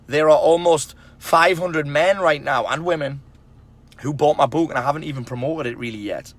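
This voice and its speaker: He speaks at a moderate pace with a slightly high voice. As a men's self-help speaker, he addresses the camera in a casual motivational monologue, cursing often and pressing tough-love advice on other men in a blunt, emphatic way.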